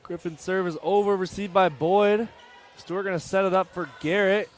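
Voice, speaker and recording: Young man giving relaxed color commentary. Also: high voice, normal speed, soft background music. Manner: relaxed analytical remarks. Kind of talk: high school sports commentary. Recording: faint gym noise behind.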